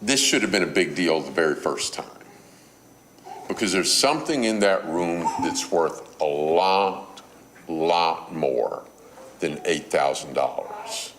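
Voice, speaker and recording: Low-voiced man preaching a sermon. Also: expressive, slow pace, a bit bright, a little hiss or hum. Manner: storytelling, acts out a mother's scolding.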